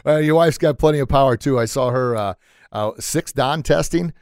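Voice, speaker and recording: Man, podcast host, excitable, laughs a lot, trips over words, dry close sound. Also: mid-range voice, moderate pace, smooth, dry recording. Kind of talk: casual chat. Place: small sound room.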